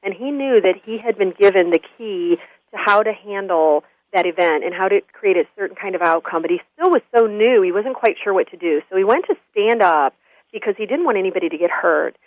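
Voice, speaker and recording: A woman guest telling a story in an earnest, animated interview. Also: medium pitch, brisk, dry recording. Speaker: guest, school consultant. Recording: dull lo-fi radio audio.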